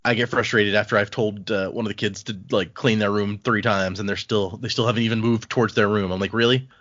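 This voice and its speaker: A man's voice: fairly low pitch, brisk, dry recording. A man hosting a casual book podcast, recapping the plot at an easy pace and reading passages aloud. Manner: relaxed, recaps the plot and reads quotes aloud. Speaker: podcast host. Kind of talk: casual book-club chat. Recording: dull, dry home podcast mic.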